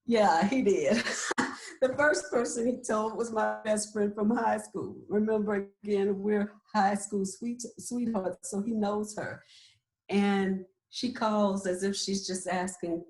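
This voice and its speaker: Speaking slowly in a mid-range, darkish voice with fairly even intonation, a woman in her forties tells her personal story candidly. She works as a nurse practitioner, explains earnestly, and often asks "right?" to check in. There's a roomy echo on the recording.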